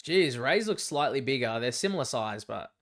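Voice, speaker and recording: A young Australian man hosting a live fight watch-along, chatty and excitable, swearing freely as he reacts. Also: mid-range voice, normal speed. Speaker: livestream fight companion host.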